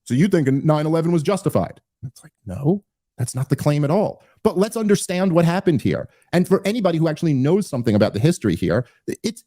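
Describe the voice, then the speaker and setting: A man hosting a podcast, giving casual political commentary in an animated, emphatic way with frequent restarts and fillers. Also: fairly high pitch, no room sound, clean studio sound. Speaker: podcast host.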